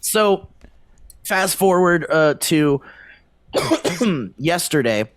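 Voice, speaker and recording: On a remote call microphone, a podcast co-host rambles through a casual story for his friends, laughing a lot and swearing freely. His voice is a little high with lively intonation, and he speaks extremely slowly. The sound is studio quality with no echo.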